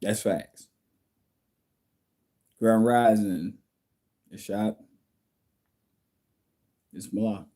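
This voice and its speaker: A man speaks in a low, mellow voice on a casual livestream, recorded at home. He reads out viewer comments and answers them bluntly, in a preachy tone. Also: very slow, pauses often.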